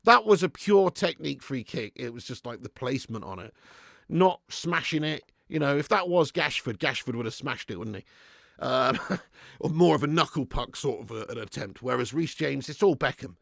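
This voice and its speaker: A man hosting a live football watch-along, who is excitable and jokey and bantering with his chat. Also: medium pitch, moderate pace, vocal fry, no room sound, studio quality. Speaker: live stream host.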